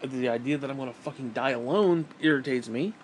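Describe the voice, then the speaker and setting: A man's voice: mid-range voice, fairly quick, slight background noise. A man venting in a bitter, profane, rambling monologue to camera as a vlogger, often restarting his sentences.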